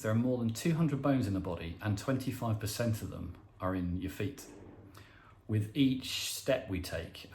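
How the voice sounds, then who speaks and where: A man preaching, telling a funny personal story in a lively, playful way with bursts of laughter. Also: fairly low pitch, reverberant. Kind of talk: storytelling sermon.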